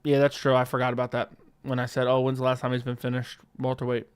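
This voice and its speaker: Clear-voiced man chatting on a livestream. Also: medium pitch, fast. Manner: reads chat questions aloud and answers offhand; relaxed, swears freely. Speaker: livestream host. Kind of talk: casual live-stream chat. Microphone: studio dynamic mic.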